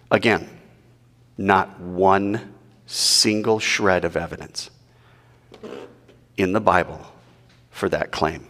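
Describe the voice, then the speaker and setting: A man preaching in an animated, rhetorical way and asking the audience questions. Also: deep voice, takes it slowly, pauses often, in a large hall. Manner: animated, rhetorical, mock-quoting. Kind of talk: sermon.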